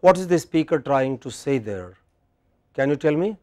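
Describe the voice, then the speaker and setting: A man's voice: on the high side, lively intonation, moderate pace, a little mellow. A man with an Indian English accent giving a classroom lecture on pronunciation, patiently asking his students questions and modelling words for them. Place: university classroom.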